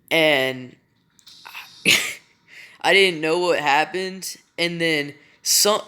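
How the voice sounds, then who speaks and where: A man's voice: fairly high pitch, pushed and bright. A young man telling a rambling story to camera, swearing often. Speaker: vlogger. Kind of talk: casual storytelling.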